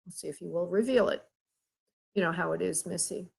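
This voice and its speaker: A woman hosting a live psychic reading, speaking haltingly with many pauses and calling the caller by endearments. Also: fairly low pitch, gravelly, a little mellow, husky, poor audio. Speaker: psychic medium host.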